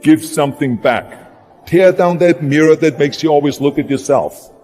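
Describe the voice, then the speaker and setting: A man's voice: on the high side, moderate pace, a little mellow. German-accented man giving a motivational speech. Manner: emphatic, repeats for punch. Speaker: motivational speaker. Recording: long hall reverb with music behind.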